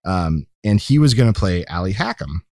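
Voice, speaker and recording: Brief: male podcast co-host, lowish voice, dry close sound, rambling self-correcting storyteller. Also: very animated, moderate pace, a little mellow, no echo. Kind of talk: casual chat.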